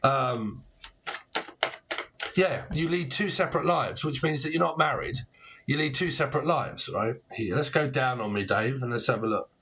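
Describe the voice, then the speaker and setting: There's slight background noise as a man in his forties does a laid-back tarot reading at a normal speed. His medium-pitched voice is fairly bright, and he wanders off topic, punning and swearing often.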